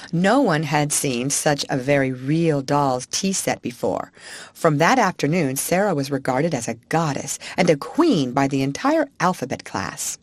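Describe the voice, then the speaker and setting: A woman narrating a classic children's storybook in an expressive, animated reading. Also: deep voice, dry recording. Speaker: audiobook narrator.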